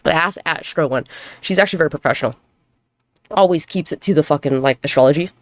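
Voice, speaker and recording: A woman's voice: sits low, fast, no room sound. A woman hosting a casual solo podcast, rambling and swearing freely as she mocks herself. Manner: rambling, profane, self-mocking. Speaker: podcast host.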